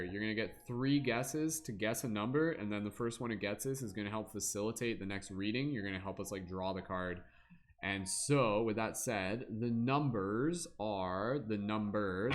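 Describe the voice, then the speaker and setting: A man hosting a tarot reading livestream, talking casually and loosely, filling pauses with fillers and hummed "da da da" sounds. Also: lowish voice.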